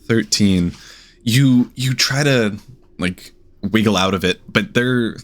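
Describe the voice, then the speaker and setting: A man's voice: on the low side, takes it slowly. A man running a tabletop game as game master, narrating in a hesitant, trailing way with many fillers.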